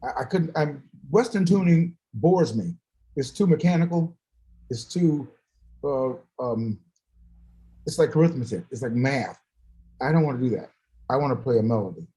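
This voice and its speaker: On a low-quality recording, a male guest musician with a mid-range voice chats casually at a normal pace, leaving long pauses. He's an animated storyteller who laughs often and performs the voices of those he quotes.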